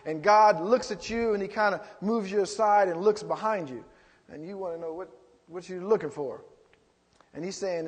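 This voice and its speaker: A man's voice: high voice, expressive, moderate pace, breathy edge, long reverb tail. A man preaching a sermon as pastor, rising into emphatic calls to the congregation.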